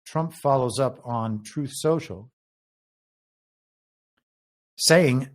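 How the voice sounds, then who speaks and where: A man's voice: mid-range voice, animated, moderate pace. A man hosting a political commentary show, reading out headlines and musing on them in a wry, speculative way. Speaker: show host and moderator.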